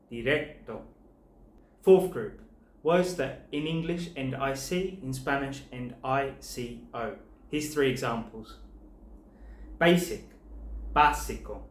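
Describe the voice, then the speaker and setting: A man teaching a language lesson, spelling out word endings letter by letter and pairing each word with its translation in a clear, measured way. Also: medium pitch, fairly bright tone, reverberant. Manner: clear, slow spelling-out of letters and paired words. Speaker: Spanish teacher.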